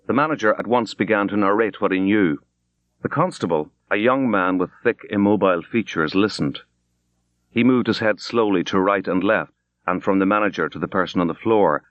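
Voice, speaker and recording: A man reading a classic short story aloud in a measured, grave, unhurried manner as an audiobook narrator. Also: on the low side, a bit bright, dry recording, lo-fi sound. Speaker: audiobook reader. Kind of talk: scripted literary narration.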